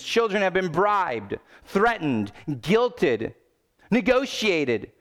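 A male pastor preaching a sermon, swinging between loud urgent pleading and low, quiet emphasis.

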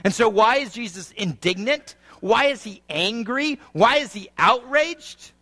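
A man's voice: high-pitched, animated, unhurried, pushed and bright. A man preaching a sermon, reading scripture aloud and explaining it with rising and falling intensity. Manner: reads scripture, then explains it. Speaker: pastor.

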